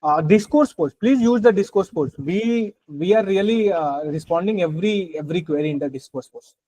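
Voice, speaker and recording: High-voiced instructor on a call. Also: male voice, lively intonation, mellow, no echo, low-quality recording. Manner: hurried, reassuring, explains with many fillers. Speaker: course instructor. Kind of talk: online class session. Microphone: video call.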